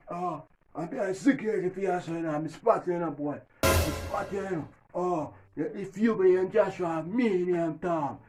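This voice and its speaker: A man with a Jamaican accent playing a rowdy character in a comedy sketch, loud and rough-spoken, with music playing. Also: high voice.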